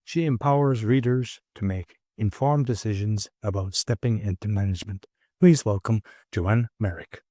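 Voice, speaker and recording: A man's voice: on the low side, moderate pace, dark tone, no room sound, clean studio sound. An Irish man hosting a podcast, reading an intro and chatting loosely with many restarts. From Ireland. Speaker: podcast host. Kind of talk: casual podcast interview.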